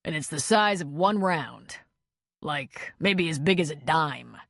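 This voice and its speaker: A woman's voice: sits low, animated, unhurried, creaky, no room sound, heavily acted. A woman voicing a dry, teasing man in an audiobook.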